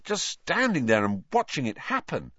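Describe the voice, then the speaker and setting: A tense, fierce teenage boy, as a male narrator reads him, speaking with bitter intensity and dropping to a mutter at times, only a little lifted from the reader's own voice. His lines swing in a lively way, and the take sounds dry and a bit dull. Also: mid-range voice, normal speed, dry recording, voice pushed up.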